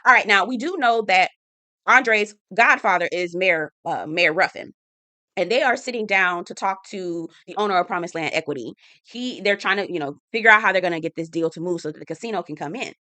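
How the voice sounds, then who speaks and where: A woman chatting through a casual TV episode recap, animated and slangy with sassy asides. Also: fairly low pitch, brisk, no echo. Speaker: TV recap host.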